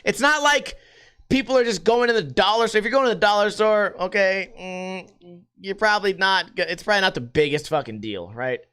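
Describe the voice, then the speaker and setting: A man's voice: sits high, fairly quick, a bit bright, clear, resonant tone. A young man hosting a podcast, reading news articles aloud and ranting about them in a profane, sarcastic, exasperated way. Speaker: podcast host. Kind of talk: casual reading of the news with rants.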